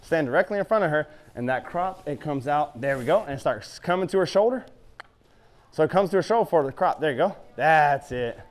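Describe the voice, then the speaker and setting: A middle-aged horse trainer with a notably high voice tells vivid stories, acting out his own reactions. He coaches a student through groundwork in an arena in the same animated way. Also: fairly quick. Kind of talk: storytelling and hands-on riding instruction.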